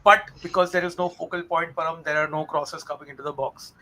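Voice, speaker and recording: A man's voice: a little high, fairly even intonation, fast talker, pushed and bright, rough recording. A man from India giving a football match preview, mixing English and Hindi with frequent fillers. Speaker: football pundit. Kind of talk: casual football chat.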